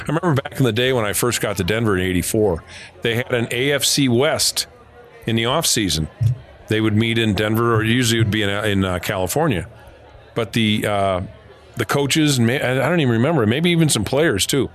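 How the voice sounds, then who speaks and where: Middle-aged ex-sportswriter, mid-pitched, rambling storyteller. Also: male voice, brisk. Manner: rambling anecdotes with laughs and quoted voices. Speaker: former sportswriter. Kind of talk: casual storytelling chat.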